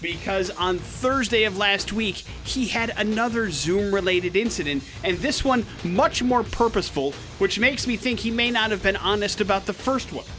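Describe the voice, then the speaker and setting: Bright-voiced male radio host. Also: sits high, moderate pace, few pauses, faint music behind. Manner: lively storyteller, joking asides. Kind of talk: casual radio banter. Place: radio studio.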